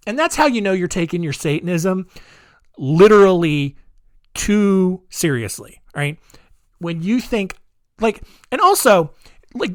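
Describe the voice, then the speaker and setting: A man's voice: sits high, dry recording, clean studio sound. A man hosting a podcast, telling a true-crime story in a rambling, jokey way full of asides. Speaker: podcast host.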